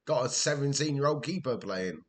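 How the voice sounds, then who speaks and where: A man's voice: mid-range voice, animated, moderate pace. Welsh man, gameplay commentator, exasperated, swears, talks to himself. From Wales.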